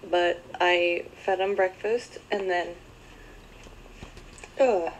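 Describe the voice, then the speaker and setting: A woman's voice: fairly low pitch, fairly even intonation, very slow, a little hiss or hum, poor audio. A young mother vlogging casually about her day, hiccuping, rambling and apologizing often. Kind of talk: casual daily vlog.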